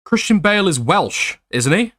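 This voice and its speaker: A man's voice: high-pitched, big pitch swings, normal speed, a bit bright. A man doing commentary as a YouTuber, reading screenshots aloud with blunt, sarcastic asides.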